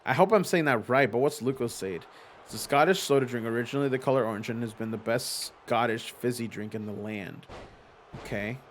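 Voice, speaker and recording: A man's voice: mid-range voice, fairly quick, a little hiss or hum. A man with young children, hosting a casual livestream from a home green-screen setup, chatting with viewers, reading their messages aloud, swearing and laughing easily. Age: adult with young children. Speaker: streamer hosting a simulated wrestling league.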